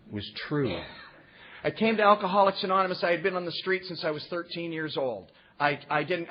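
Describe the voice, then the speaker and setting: A man sharing his recovery story with a meeting audience, earnest and folksy, throwing in rhetorical "huh?" asides. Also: on the high side. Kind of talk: personal storytelling talk to an audience. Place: meeting room before an audience. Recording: muffled recording with faint background noise.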